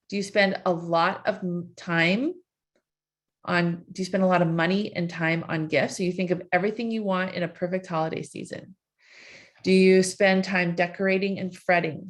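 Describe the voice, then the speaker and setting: A woman life coach leading a live online session, asking repeated coaxing questions in a conversational way. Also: on the low side.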